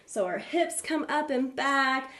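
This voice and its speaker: A woman leading a live online yoga class for kids, gentle, encouraging and playful as she talks through each pose. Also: high-pitched, lively intonation, slow, roomy sound. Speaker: yoga teacher for children.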